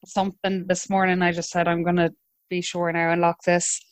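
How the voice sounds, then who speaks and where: A young Irish woman in her twenties, telling her own story in a relaxed, chatty way with hesitant restarts. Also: lowish voice, a little fast, no echo. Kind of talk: conversational storytelling.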